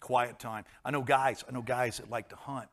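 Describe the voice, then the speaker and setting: A man preaching a sermon, swinging between hushed and loud passages and repeating phrases for emphasis. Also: medium pitch, steady tone, moderate pace.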